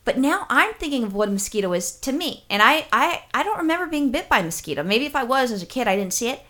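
A woman's voice: high voice, sing-song, quick pace, bright, forceful tone. A woman co-hosting a podcast, talking in a blunt, profane and joking way. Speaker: podcast co-host. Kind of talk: casual comedic chat.

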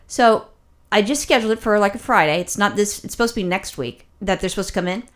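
A woman co-hosting a casual chat, telling a long story in a profane, exasperated ramble full of restarts. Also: mid-range voice. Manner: animated, rapid rambling with restarts. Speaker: podcast co-host.

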